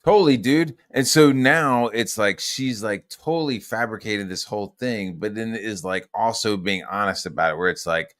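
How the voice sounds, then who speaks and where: A man's voice: fairly low pitch, moderate pace, hardly any pauses, fairly bright tone, no echo, studio quality. A man hosting a podcast, telling a heated, rambling story full of profanity and fillers. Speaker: podcast host. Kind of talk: casual storytelling rant.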